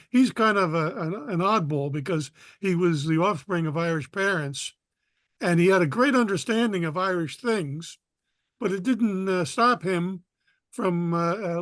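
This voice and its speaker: High-voiced man, hesitant dry questioner. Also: a bit bright, no echo. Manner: hesitant, many uh fillers, rambling. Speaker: audience member asking a question. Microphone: video call.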